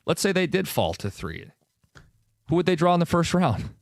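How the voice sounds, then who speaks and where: A man's voice: fairly high pitch, sing-song, normal speed, no room sound. A man hosting sports talk radio, opinionated and wry, with sarcastic asides, speaking into a studio microphone.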